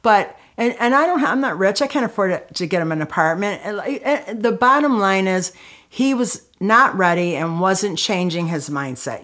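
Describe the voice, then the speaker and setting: A woman's voice: fairly low pitch, fairly bright tone. Candid middle-aged woman telling her story. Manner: emotional and candid, with frequent fillers and restarts. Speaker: guest, author and anti-violence activist. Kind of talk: conversational storytelling.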